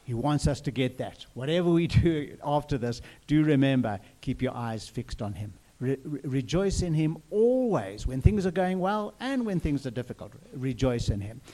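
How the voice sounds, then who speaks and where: Gelassener Prediger mit warmer Stimme. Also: male voice, medium pitch, sing-song, normal speed, hardly any pauses. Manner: earnest, repeats phrases, asks the listeners questions. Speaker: preacher. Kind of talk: sermon.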